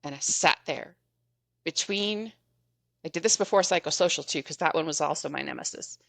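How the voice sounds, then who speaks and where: Chatty, animated woman telling a story. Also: low-pitched, normal speed, gravelly, no room sound. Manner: animated, chatty retelling with frequent laughs. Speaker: podcast guest. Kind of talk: casual storytelling.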